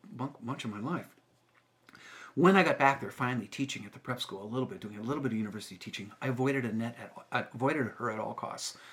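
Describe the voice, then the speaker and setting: A man's voice: mid-range voice, fairly bright tone. A middle-aged male teacher telling a personal story to camera in an earnest, reflective way.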